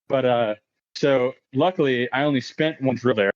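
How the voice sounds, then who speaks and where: A late-thirties man appears as a podcast guest, speaking at normal speed in a mid-range voice. The recording is dull lo-fi podcast audio, and he tells his story in a casual, profane manner, laughing often and voicing quotes loudly.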